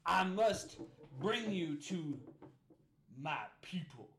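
A man voicing a pompous, loud middle-aged patrol sheriff with a slow, swaggering drawl. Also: sits high, animated, roomy sound, a little hiss or hum, voice pushed up, full character voice.

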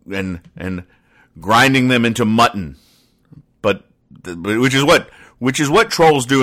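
A man's voice: on the low side, bright, forceful tone. A man hosting a comedy show, reading out comic strips and rambling about them in a self-mocking way, with bursts of acted lines. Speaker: comic strip reader and host. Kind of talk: casual comedic commentary.

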